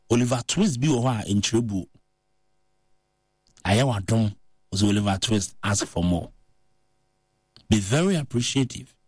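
A man with a Ghanaian accent preaching in a conversational way, mixing languages and rising to high, emphatic pitch. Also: expressive, moderate pace, long pauses, no room sound, studio quality.

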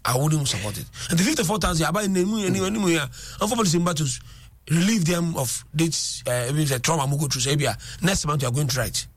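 Fast-talking Ghanaian man, husky. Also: a little high, dry recording. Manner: switches between English and Twi, animated storytelling. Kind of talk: casual discussion.

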